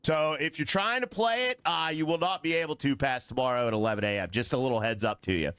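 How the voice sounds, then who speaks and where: A middle-aged man streaming a game live, excitable and joking as he chats with his viewers. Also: medium pitch, fast, smooth, no room sound. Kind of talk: live gameplay commentary.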